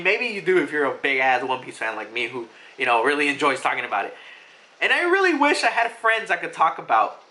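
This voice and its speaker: A young adult manga reviewer giving excited, casual commentary. They swear freely and laugh often. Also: mid-range voice.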